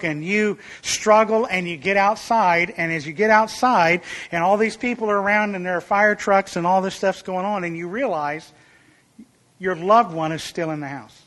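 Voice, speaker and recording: A man preaching a sermon in an earnest, emphatic way. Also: a bit bright. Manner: earnest, emphatic, rises in pitch and volume for illustrations.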